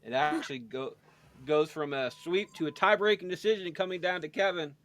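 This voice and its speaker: A man's voice: on the high side, a little fast, a bit bright, slight background noise. A man hosting a casual podcast, joking and tripping over his words as he runs through the picks. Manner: joking, stumbles and repeats words. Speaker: podcast host running the bracket.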